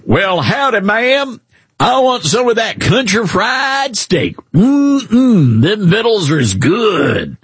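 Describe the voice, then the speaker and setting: A man voicing a hammy hick diner customer in a put-on Southern country twang, loud and drawn out. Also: high-pitched, sing-song, slow, breathy edge, dry recording, voice pushed up, full character voice. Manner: hammy, hollering.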